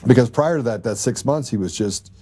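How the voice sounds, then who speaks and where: A man's voice: mid-range voice, lively intonation, a little fast, warm tone. A man hosting a podcast, telling anecdotes in casual chat and laughing often. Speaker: podcast host.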